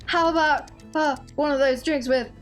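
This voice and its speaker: A woman's voice: sits high, steady tone, normal speed, faint music behind, natural voice. A woman voicing a friendly, easygoing muscular male adventurer in a video game who hesitates as he orders.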